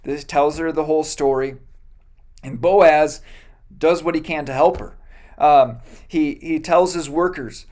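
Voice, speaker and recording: Pastor, relaxed sermon, casual bible storytelling, joking asides, lots of ums and restarts, mid pitch. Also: unhurried. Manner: many fillers and self-corrections.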